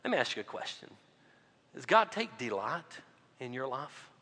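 A male pastor preaching a sermon, swinging between loud emphatic lines and quiet low drops. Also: sing-song, moderate pace, big-room sound.

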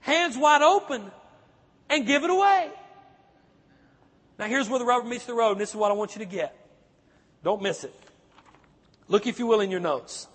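High-voiced preacher in a reverberant hall. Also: male voice, expressive, moderate pace, pauses often, a bit bright, slightly rough. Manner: emphatic preaching with rhetorical questions to the congregation. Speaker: pastor. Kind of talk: sermon. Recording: echoey hall, long reverb.

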